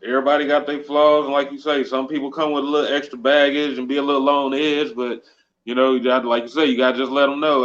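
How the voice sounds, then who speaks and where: A man co-hosting a live podcast in a casual chat, speaking calmly and agreeing with the host. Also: medium pitch, fast, dull audio.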